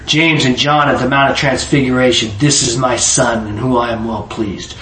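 A man preaching a sermon, telling stories and jokes, rising loud to drive points home, then dropping low. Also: fairly quick, few pauses. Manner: lively storyteller, rises loud to preach then drops low. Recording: echoey room heard from a distance.

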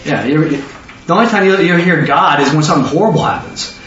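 A man's voice: fairly high pitch, animated, fairly bright tone, slight background noise. A man teaching a Bible study sermon, firing questions at listeners and waiting for their answers. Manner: quizzes listeners with rapid questions. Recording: echoey dull room recording from far off.

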